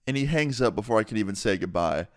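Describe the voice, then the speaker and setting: A man's voice: lowish voice, expressive, fast, dry recording, clean studio sound. A young man casually telling a storytime vlog, cursing freely as he retells events. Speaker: YouTuber.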